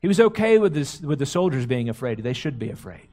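A man's voice: mid-range voice, sing-song, quick pace, warm tone. A man preaching a sermon, retelling a scripture story dramatically, often repeating words as he goes. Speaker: pastor.

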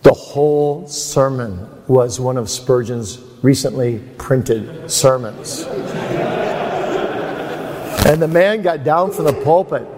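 A man's voice: mid-range voice, slow pace, a little mellow, slight background noise. A man giving a conversational, anecdotal teaching sermon at a seminar, speaking with a self-deprecating manner. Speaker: preacher at a seminar. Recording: long hall reverb.

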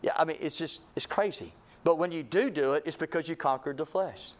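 Preacher swinging loud to hushed. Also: male voice, brisk. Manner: swings from booming to hushed, repeats phrases. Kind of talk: revival sermon.

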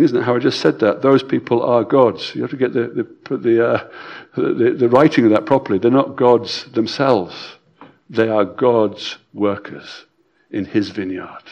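With a medium-pitched voice touched by vocal fry, a man preaches insistently, repeating himself, his volume lurching between forceful emphasis and hushed dips, with a few stammered restarts.

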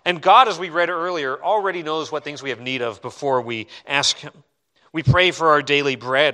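A male pastor delivering a sermon with a bright, forceful tone and a voice set a little higher than most men's. He preaches in an animated, conversational way and drops in self-deprecating asides.

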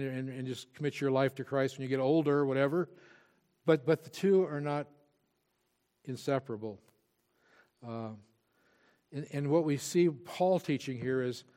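A man's voice: mid-range voice, normal speed, pauses often, a little mellow. A male pastor preaching a sermon, earnest and emphatic, with frequent restarts.

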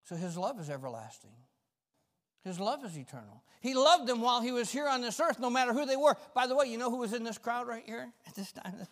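A male pastor preaching a fervent sermon with folksy, self-mocking humor, swinging between shouts and quiet talk. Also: very high voice, sing-song, fairly quick. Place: church sanctuary. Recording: long reverb of a church hall.

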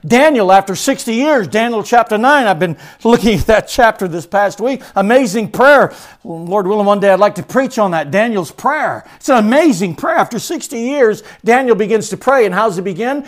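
High-voiced male pastor preaching emphatically. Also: lively intonation, normal speed. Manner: emphatic, swings between loud declaration and hushed stress; repetitive preaching cadence. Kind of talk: sermon.

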